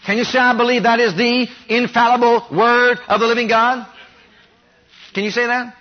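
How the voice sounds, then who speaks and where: Guy preaching a sermon, pretty high voice, keeps firing questions at the crowd, muffled old recording. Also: level tone, normal speed. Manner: emphatic, rhetorical questions to the congregation.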